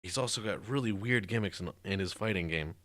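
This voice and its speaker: A man's voice: lowish voice, fairly quick, no echo. A male game streamer giving casual, joking commentary as he plays and reads game text aloud. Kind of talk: casual commentary while playing. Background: loud game music.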